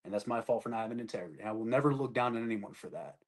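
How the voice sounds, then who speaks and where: A man's voice: on the low side, animated, racing. A man in his twenties, an army sergeant, telling his story casually and bluntly, with plenty of swearing and acted-out lines from others. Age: 20s. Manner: blunt and profane, acts out other people's lines.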